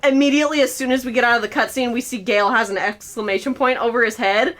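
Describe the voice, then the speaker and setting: A woman streamer telling a story in casual chat, swearing freely and breaking into laughs and loud outbursts. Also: a little high, steady tone, quick pace. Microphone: streaming mic.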